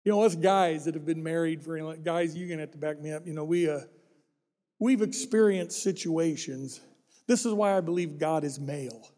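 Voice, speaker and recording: A man's voice: a little high, moderate pace, mellow. Joking man preaching in a hall. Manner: folksy, joking asides to the congregation. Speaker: pastor. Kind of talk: sermon.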